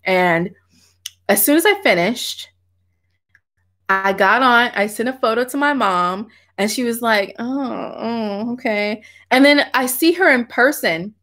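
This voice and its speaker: Chatty, higher-voiced woman. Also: measured pace. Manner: chatty, animated, laughs often, slangy. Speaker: doll artist chatting with livestream viewers. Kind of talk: casual livestream chat. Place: home office.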